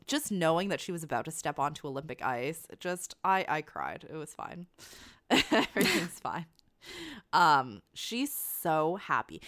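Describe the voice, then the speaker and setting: A woman with a low voice that still swings widely in pitch, chatting casually as a co-host. She is bubbly and laughs often. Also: fairly bright tone. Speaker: podcast co-host. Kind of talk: casual chat about figure skating.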